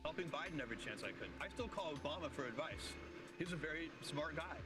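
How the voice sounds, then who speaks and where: A man answering in an interview, halting and stammering as he talks. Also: a little high, expressive. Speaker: interview guest. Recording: distant mic over loud music.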